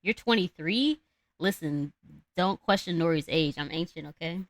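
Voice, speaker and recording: A woman's voice: on the low side, moderate pace, no echo. A young adult woman telling a fairy tale on a live stream, rambling, slangy and profane. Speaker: streamer and storyteller. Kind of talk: casual live-stream storytelling.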